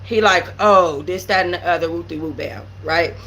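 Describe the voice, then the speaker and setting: A woman's voice: on the low side, normal speed, sharp tone, poor audio. A woman hosting her own channel, telling a story in blunt, profane detail and acting out what each person said. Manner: acts out quoted dialogue. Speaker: channel host. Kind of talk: storytime commentary. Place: home setup with green screen.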